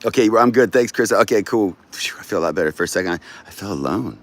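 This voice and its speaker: A man's voice: on the low side, fast. A man hosting a livestream, chatting casually with viewers, swearing freely, rambling and laughing often. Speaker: livestream host.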